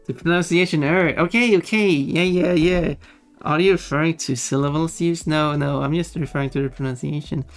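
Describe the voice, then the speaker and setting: A livestreamer chatting casually with viewers, musing aloud and laughing often. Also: medium pitch. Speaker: livestreamer reading chat. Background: faint background music.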